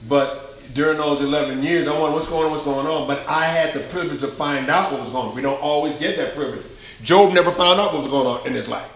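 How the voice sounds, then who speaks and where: A man's voice: fairly high pitch, fast, a bit bright. A male pastor preaching a sermon, emphatic and colloquial, with lots of repetition. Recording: very echoey hall, faint noise.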